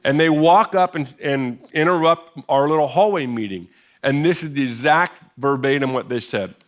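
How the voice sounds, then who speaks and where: A man's voice: mid-range voice, normal speed. Middle-aged man telling a sermon story. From United States. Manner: conversational, self-deprecating humor. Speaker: pastor. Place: church sanctuary.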